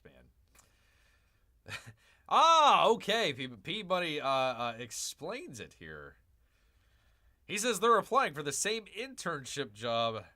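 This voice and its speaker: A male livestream host with a lively, swooping delivery and a bright, forceful tone. He jokes his way through casual commentary, calling himself Bear. He drifts into rambling asides and repeats his own lines. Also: medium pitch. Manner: joking, calls himself Bear in third person.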